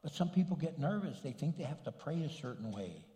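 A man's voice: fairly high pitch, big pitch swings, brisk, dark tone. Older male pastor in an echoey hall. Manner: conversational, joking preaching. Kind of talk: sermon. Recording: echoey hall with long reverb.

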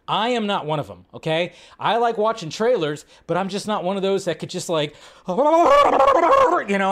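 High-voiced man ranting on a live show. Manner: chatty, rambling, filler-heavy; animated, pitch jumps up when making a point. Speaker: host of a live film news show. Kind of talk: casual live-stream rant.

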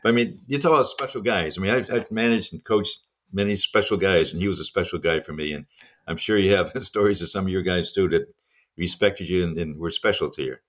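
Older male co-host, low voice, rattles off coaching stories fast with a laugh. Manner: fast, lively anecdotes with chuckles. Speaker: podcast co-host and former baseball coach. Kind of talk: casual storytelling conversation.

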